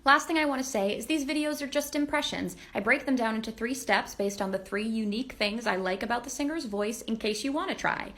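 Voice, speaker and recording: A young woman walks through a vocal tutorial step by step in an upbeat, plain way. Her voice sits high, with a bright, sharp edge. She explains each technique clearly. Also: fairly quick, few pauses. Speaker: singer and impressionist teaching vocal impressions.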